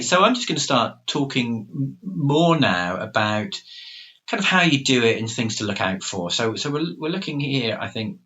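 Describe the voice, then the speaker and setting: A middle-aged man co-hosting a podcast, thinking aloud with many pauses and fillers. His voice is lowish and bright-edged. The recording sounds dull and lo-fi. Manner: thoughtful, hesitant, many fillers. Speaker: podcast co-host, coach. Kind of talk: reflective podcast discussion.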